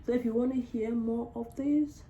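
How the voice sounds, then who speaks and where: A woman's voice: on the high side, steady tone, moderate pace, mellow, lo-fi sound, slight background noise. A young woman from Cameroon telling her story in a casual storytime vlog, chatty and emotional, with lots of "like". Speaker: vlogger.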